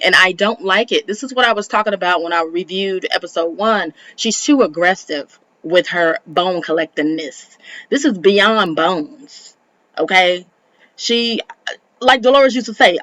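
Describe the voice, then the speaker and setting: A woman reviewing reality TV in a chatty, sassy recap, often jumping up high for exclamations. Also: animated, a little slow, fairly bright tone, no echo, poor audio. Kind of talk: casual gossip recap commentary.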